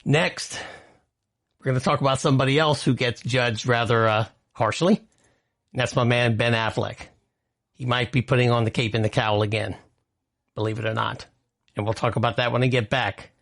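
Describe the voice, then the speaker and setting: Guy with a gravelly voice doing a casual entertainment news podcast, opinionated, lots of side comments. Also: medium pitch, fairly even intonation, moderate pace, long pauses, a bit bright. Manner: chatty and opinionated, reads out quotes with asides. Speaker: podcast host.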